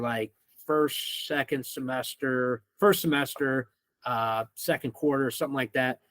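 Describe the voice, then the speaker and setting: A young man from Missouri telling a rowdy school story as a podcast guest, animated and swearing freely. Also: medium pitch, dry recording. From Missouri, United States. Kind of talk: casual storytelling.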